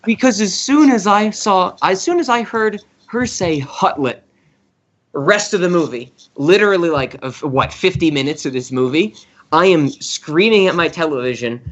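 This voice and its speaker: A man co-hosting a film podcast, excitable and swearing freely as he laughs through his review. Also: high-pitched, normal speed, highs cut off. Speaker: podcast co-host. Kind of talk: casual film review chat.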